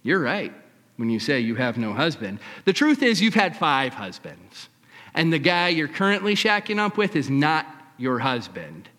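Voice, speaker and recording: A preacher voicing a calm, knowing male prophet with steady, measured declarations. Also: a little high, long reverb tail. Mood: solemn. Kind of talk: preacher acting out a scripture scene.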